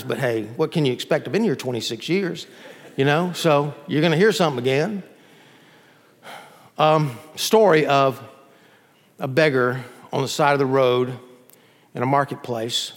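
A male pastor preaching a sermon in a church, emphatic, swinging from loud peaks to soft drops. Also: mid-range voice, moderate pace, in a large hall.

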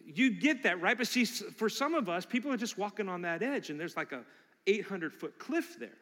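A middle-aged male pastor with a high, bright voice delivers a sermon woven with personal stories. He talks in an animated way and slips into character voices for the people in his anecdotes. His voice rings out with the long reverb of a big church hall. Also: a little fast.

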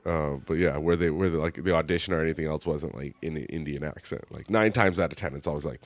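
A man's voice: a bass voice, quick pace, dry recording. An American man, a working actor, talking casually as an interview guest, loose and rambling with many fillers and restarts. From United States.

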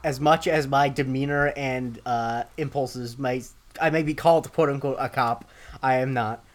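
A man's voice: mid-range voice, fairly even intonation, normal speed. A young man co-hosting a podcast, recapping a TV episode in a rambling, casual chat with dry asides. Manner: rambling, many ums and restarts, dry asides. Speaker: podcast co-host.

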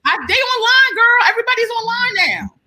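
A woman with a high, bright voice tells a story in loose, casual chat. She swears freely and acts out the people in it, jumping between them. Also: fairly quick, poor audio. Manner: profane, animated, acts out the people in her story. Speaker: comedian telling a story.

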